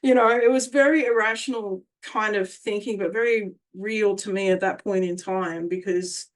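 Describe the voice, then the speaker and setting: A woman speaks candidly as an interview guest, blunt and emphatic, with frequent swearing. Her voice sits at an ordinary middle pitch. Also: steady tone, normal speed. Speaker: interview guest, survivor advocate. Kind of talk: candid personal storytelling.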